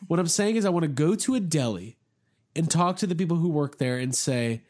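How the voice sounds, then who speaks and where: Young male podcast host, slightly high pitch, excitable rambler with self-mocking humor. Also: a little fast. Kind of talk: casual chat.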